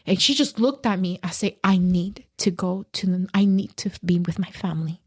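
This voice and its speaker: A woman's voice: on the low side, moderate pace, breathy edge. A woman guest on a podcast telling a personal story with emotion, acting out the people she quotes. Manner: animated, acts out quoted voices.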